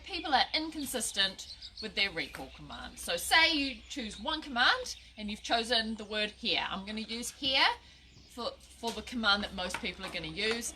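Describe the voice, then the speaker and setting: Speaking at normal speed in a mid-range voice with big pitch swings, she sounds bright and forceful against slight background noise. The setting is a chatty live-video dog-training lesson full of restarts and laughter at her own mistakes. Her mic is a phone or camera at short range.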